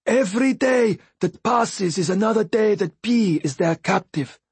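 A man voicing a blind, bitter, desperate male former tumbler in an audiobook, with a high, strained voice and an intense, pleading way of talking. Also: animated, measured pace, gravelly, a little mellow, slightly rough, dry recording, exaggerated voice. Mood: insistent.

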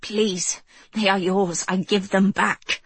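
A woman voicing a terrified, desperate deposed queen who pleads in a breathless, hushed voice. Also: mid-range voice, fairly even intonation, slow, breathy edge, no room sound. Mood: pleading whisper.

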